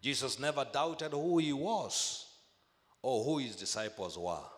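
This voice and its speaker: A man preaching a sermon, emphatic, repeating phrases and slowing to stress key words. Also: mid-range voice, lively intonation, long reverb tail.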